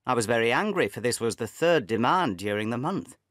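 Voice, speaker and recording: Male narrator, mid-pitched, clear measured reading, dry close recording, learner audiobook. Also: animated, fairly bright tone, no echo. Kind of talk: scripted narration for English learners.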